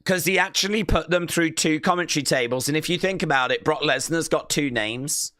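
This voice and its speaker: Excitable man reacting live. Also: a little high, a little fast, no room sound, studio quality. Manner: excitable, shouts counts and moves, repeats himself. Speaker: live-stream watch-along host.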